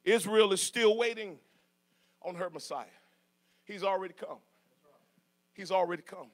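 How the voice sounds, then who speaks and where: A middle-aged man preaching a sermon in church, moving from soft asides to shouted passages and joking with the congregation. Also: high voice, measured pace. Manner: jokes with congregation, laughs. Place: church sanctuary.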